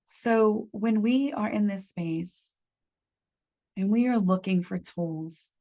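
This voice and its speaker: A woman leading a support group through a gentle guided reflection, calmly reading out messages from the chat. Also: mid-range voice. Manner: gentle, unhurried, reads chat messages aloud. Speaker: medium leading a healing workshop.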